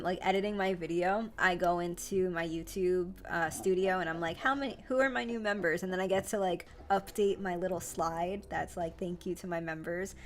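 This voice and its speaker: A woman's voice: mid-range voice, a little hiss or hum. A young adult woman hosting a live stream, chatting casually in a rambling way with lots of fillers and restarts. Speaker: livestream host. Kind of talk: casual livestream chat.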